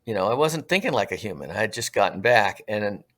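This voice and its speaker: A middle-aged man from Southern California, a retired firefighter and podcast guest, telling his story in an earnest, reflective way, drawing out some phrases slowly. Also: on the low side, expressive, a bit bright. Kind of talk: casual storytelling.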